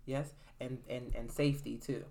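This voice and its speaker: A woman's voice: rumbling low, moderate pace. A woman co-hosting a casual chat, telling stories animatedly and often laughing as she talks. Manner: animated storyteller, laughs while talking.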